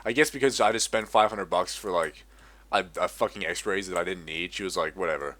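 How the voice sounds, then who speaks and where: Young aussie dude ranting n swearing, kinda low voice. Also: male voice, fairly quick, bright, forceful tone. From Australia. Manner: profane, ranting, exasperated. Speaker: gaming commentator. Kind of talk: casual rant over gameplay.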